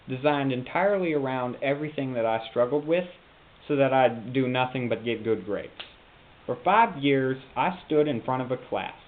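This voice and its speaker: A young man vlogging in a rambling, halting monologue, slipping into a put-on Southern drawl. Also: mid-range voice. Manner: meandering, self-interrupting, halting. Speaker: YouTube vlogger. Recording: phone-like lo-fi with faint hiss.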